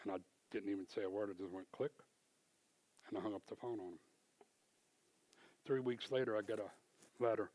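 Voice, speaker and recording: A man giving a church testimony, an animated storyteller who acts out both sides of the conversations. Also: lowish voice, fairly quick, long pauses. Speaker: small business owner giving testimony. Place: church sanctuary.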